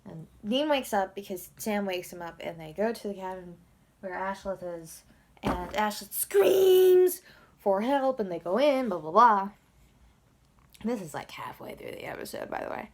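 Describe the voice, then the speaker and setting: A woman giving a casual, rambling recap of a TV episode, swinging between loud outbursts and whispers. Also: medium pitch, normal speed. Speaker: video blogger recapping a TV episode.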